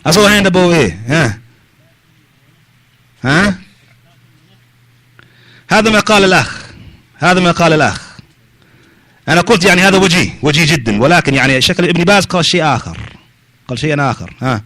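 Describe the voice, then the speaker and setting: A man leading a mosque lesson at a rapid clip, his voice pitched a bit high for a man. He drops Arabic phrases into his English, leans on fillers like yani, and puts questions straight to his listeners. The sound is dry and close, with almost no room. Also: lively intonation, sharp tone, dry recording. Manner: questions listeners directly, brisk and probing. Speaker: religious teacher.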